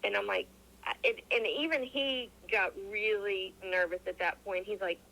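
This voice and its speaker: Speaking at medium pitch and a moderate pace, a woman guest shares her experiences with a host in a loose, chatty way. She animatedly mimics the people in her story and keeps restarting sentences, and the poor audio sounds thin, like a call line.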